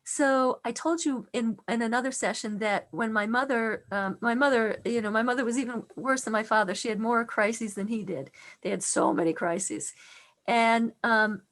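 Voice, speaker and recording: A middle-aged woman teaching a class, telling a personal story in an earnest, expressive way with frequent restarts. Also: fairly high pitch, moderate pace.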